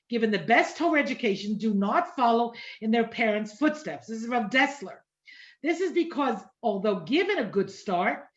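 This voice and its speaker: A middle-aged woman teaching an online Torah class in a conversational manner, repeating phrases and checking in with the listeners. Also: on the high side. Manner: conversational, repeats phrases and asks "right?" often. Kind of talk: informal lecture. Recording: dull lo-fi online class audio.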